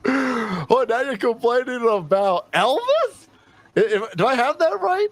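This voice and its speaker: A man's voice: very high-pitched, big pitch swings, measured pace, a bit bright, no room sound. A man in his fifties doing sarcastic reaction commentary on a stream, mocking, ranting and laughing often. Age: 50s.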